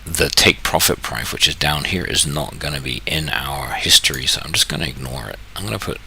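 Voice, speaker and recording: A man from New Zealand talks through his screen in a casual walkthrough, thinking out loud and cracking jokes at himself. His voice is very deep and gravelly, yet sharp and bright on top. A faint background noise runs beneath him. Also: fairly quick. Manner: thinking aloud, self-correcting, jokey. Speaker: trading channel host.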